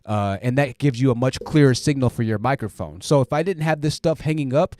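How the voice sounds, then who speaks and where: A man's voice: mid-range voice, expressive, a little fast, dark tone. A man hosting a live stream in a casual chat style, rambling through explanations with lots of fillers, on a dynamic podcast mic in a home room. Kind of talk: casual live chat, reading viewer comments. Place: home room with hoodies hung up to absorb sound. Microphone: dynamic podcast mic through a preamp.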